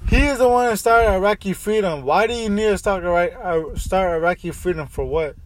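A man's voice: high voice, fairly quick, poor audio. A young man arguing casually, insistent, repeating his claims and talking over his friend. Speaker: friend in a heated debate. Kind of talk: casual argument.

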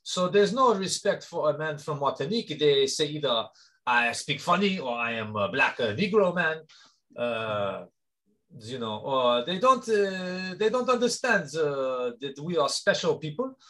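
A man voicing a proud, prejudiced man from Martinique with a heavy French accent, talking haltingly with many "uh"s in a comedy podcast bit. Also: lowish voice, level tone, pushed and bright, voice pushed down, heavily acted. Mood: indignant. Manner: halting, full of "uh", self-pitying.

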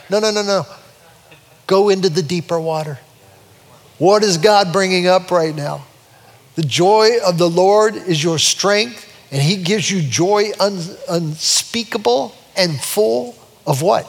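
An older man preaching a sermon from the pulpit, telling a family story and then building to fervent, soaring scripture reading. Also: measured pace. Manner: storytelling, rising to fervent high-pitched preaching. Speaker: pastor. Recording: long reverb of a large hall.

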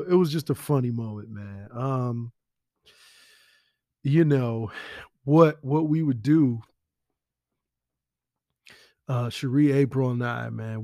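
A man telling stories about a late friend in a casual, animated way, with slang and whispered asides. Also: mid-range voice, dry recording, studio quality. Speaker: friend giving a spoken tribute. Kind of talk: casual storytelling.

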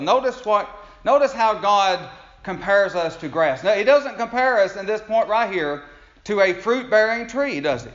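A man's voice: high-pitched, lively intonation, moderate pace, fairly bright tone. A man preaching a sermon in a folksy, conversational way, chuckling and restarting his sentences. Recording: echoey room, dull lo-fi sound.

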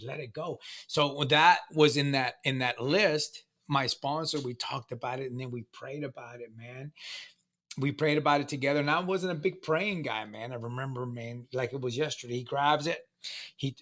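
A man telling a personal story in casual conversation, rambling and halting, repeating words and saying "man" often. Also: mid-range voice, a bit bright. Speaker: guest sharing recovery story.

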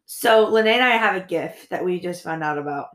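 A woman's voice: on the low side, expressive, normal speed, fairly bright tone, echoey room. A young woman in her twenties co-hosting a podcast, chatting casually, laughing and swearing freely. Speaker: podcast co-host. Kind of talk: casual chat.

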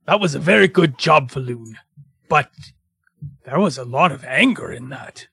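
Gravelly, bright-voiced man at a tabletop game. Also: mid-range voice, animated, moderate pace, no room sound.

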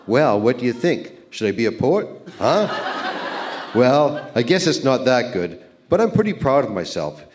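A man's voice: mid-range voice, sing-song, normal speed, a little mellow. A man in his sixties from Canada reading his old love letters aloud on a live stage, playful and chuckling at himself. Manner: playful, self-mocking, chuckling at his own lines. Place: live event centre stage.

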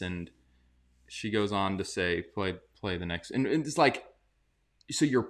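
A man's voice: on the low side, animated, unhurried, pauses often. A man co-hosting a casual talk show, commenting in a heated, sarcastic way that rises when he gets worked up. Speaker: podcast co-host.

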